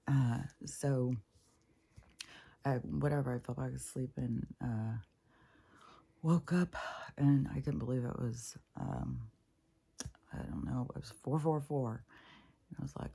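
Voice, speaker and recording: Gravelly-voiced woman venting in loose rambles. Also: a bass voice, a little slow, pauses often, warm tone. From Pacific Northwest of the US. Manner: profane, irritated venting, trailing into whispers. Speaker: spiritual vlogger. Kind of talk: rambling casual monologue.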